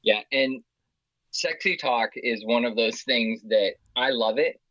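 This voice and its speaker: Playful man with a bright, husky voice. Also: mid-range voice, a little slow, dry recording. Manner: playful, eager, laughs often. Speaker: podcast guest, husband. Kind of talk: casual podcast chat. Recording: dry, dull lo-fi podcast audio.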